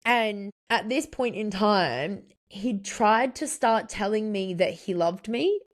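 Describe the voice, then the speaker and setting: A woman's voice: medium pitch, expressive, slow pace. Woman telling a confessional story on her podcast. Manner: confessional, rambling, heavy use of "like". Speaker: podcast host. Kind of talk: candid personal storytelling.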